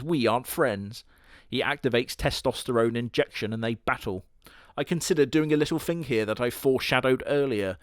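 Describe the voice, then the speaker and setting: Man, comedic anime review, sarcastic and crude, deadpan delivery, mid pitch, dry close sound. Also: no room sound. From Britain.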